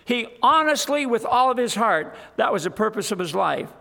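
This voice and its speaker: A man's voice: high voice, sing-song, moderate pace, creaky, bright, forceful tone. A man preaching a sermon, earnest and emphatic, building to fervent appeals to his congregation.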